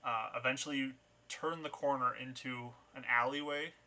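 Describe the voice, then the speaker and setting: A man's voice: medium pitch, fairly even intonation, normal speed, sharp tone. A man narrating a tabletop game as game master, describing scenes with many small restarts. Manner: descriptive, with frequent fillers and restarts.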